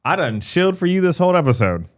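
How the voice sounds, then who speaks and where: A man's voice: sits high, sing-song, quick pace. A man co-hosting a casual livestream talk show, teasing and laughing as he jokes around. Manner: joking, teasing, laughs often. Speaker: podcast co-host.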